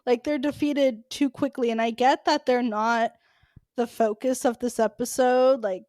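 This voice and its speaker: Female co-host, high-pitched, dry close sound, lively and exasperated in casual chat. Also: a little slow, no echo. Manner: animated, laughs often, exasperated rants. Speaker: podcast co-host.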